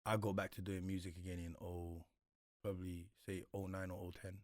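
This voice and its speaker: A man's voice: sits low, flat delivery, a little fast, no room sound, clean studio sound. A man, a guest in a casual interview, talking reflectively with slang and frequent repeats. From Congo.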